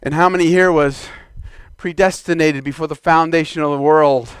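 A man preaching a fervent sermon in a church, exhorting the congregation and shouting declarations. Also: a little high, fairly even intonation, normal speed, clean tone, dry recording, clean studio sound.

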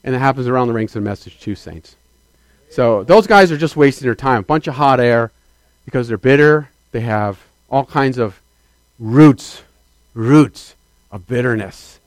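A man preaching a sermon as a pastor, swinging between loud declarations and quiet asides and calling out to the congregation. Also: mid-range voice, normal speed, dry recording. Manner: calls out to the congregation for affirmation.

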